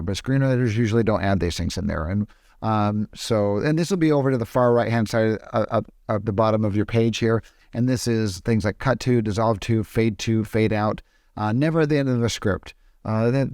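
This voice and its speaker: A man explaining film production in a casual, screen-recorded tutorial, often pausing and restarting his sentences. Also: medium pitch, darkish tone, no echo, clean studio sound. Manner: hesitant, with frequent restarts.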